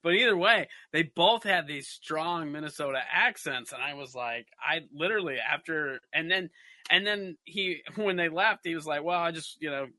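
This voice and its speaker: A man with a slightly high voice hosts a comedy podcast, telling stories animatedly in casual chat at a moderate pace. Now and then he slips into a mock Minnesota accent. Slight background noise is present.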